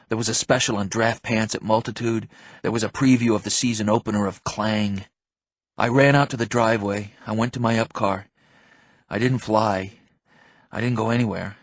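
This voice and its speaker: A man narrating an audiobook in the first person, intense and numb in the quiet stretches. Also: on the low side, no echo.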